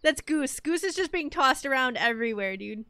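A young woman streaming a game, chatting casually to her viewers, self-mocking and repeating words in quick loops. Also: sits high, lively intonation, pushed and bright, clear, resonant tone, no echo. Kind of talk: casual gameplay commentary.

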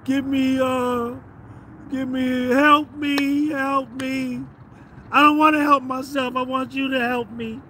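A man's voice: very high voice, level tone, slow, sharp tone, a little hiss or hum, pitched above the performer's own voice, heavily acted. A man putting on the voice of a whiny, self-pitying grown man who begs for help, in a mocking sing-song plea.

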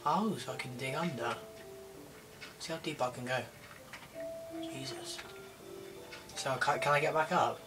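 This young gaming creator speaks at a medium pitch, unhurried and pausing often, as he casually talks over the game he's playing. His muttering and grumbling sound unenthusiastic. He's recorded on a distant mic with music in the background.

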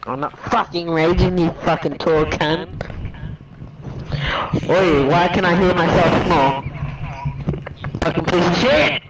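High-voiced man trash-talking in game chat. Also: steady tone, takes it slowly, long pauses. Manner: crude, aggressive trash talk with constant swearing. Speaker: gamer in voice chat. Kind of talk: online gaming voice chat. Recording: loud noisy voice chat audio.

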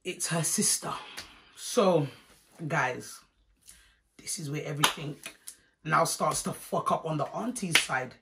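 A young woman, telling a story casually in a vlog, animated and profane, acting out the people in it. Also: deep voice, takes it slowly, pauses often, noisy background. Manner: animated, profane, acts out every character. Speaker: vlogger.

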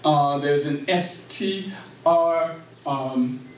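Low Country man, high-pitched and unhurried, giving a library talk; roomy, distant recording. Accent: South Carolina Low Country. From South Carolina Low Country. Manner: quizzes the audience and affirms answers. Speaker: speaker on culture and language. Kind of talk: public talk with audience questions. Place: library meeting room. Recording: roomy echo, distant mic, faint noise.

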